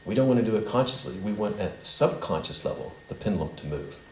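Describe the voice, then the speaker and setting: A man's voice: on the low side, lively intonation, fast talker. A man teaching a small group at a spiritual center in a meandering way, leading them in a repeat-after-me statement. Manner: meandering, leads call-and-response recitation. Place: meeting hall of a spiritual center. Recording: echoey hall with faint noise.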